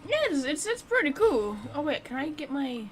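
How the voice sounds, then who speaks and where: A woman's voice: high-pitched, very animated, normal speed, slight background noise, rough recording. A woman giving casual, playful commentary while playing a game, chatty and full of fillers. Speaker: game streamer.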